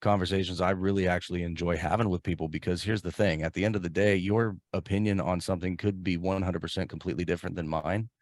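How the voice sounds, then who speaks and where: A deep-voiced man hosting a casual podcast, relaxed and easygoing with a ready chuckle. The sound is close and dry, with no room in it. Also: fast talker, few pauses, no room sound. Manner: easygoing, chuckling, drawling sign-offs. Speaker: podcast host.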